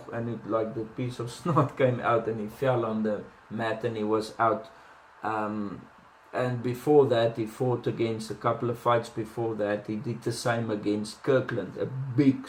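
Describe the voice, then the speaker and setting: A man's voice: mid-range voice, little pitch movement, measured pace. A man casually breaking down boxing fights, rambling with lots of fillers and restarts. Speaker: boxing commentator. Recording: roomy echo with faint background noise.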